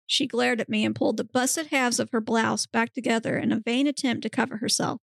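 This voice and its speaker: A woman's voice: on the high side, fairly even intonation, fairly quick, vocal fry, no echo, studio quality. A woman podcast host narrating a story aloud in a comedic reading, straight-faced with occasional giggles. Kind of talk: comedic reading of erotic fiction.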